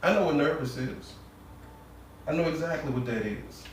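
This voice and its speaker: A man voicing the subconscious mind as an eager, impulsive inner voice with drawn-out, teasing phrasing. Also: on the high side, distant mic, natural voice. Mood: knowing. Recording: roomy room with faint noise.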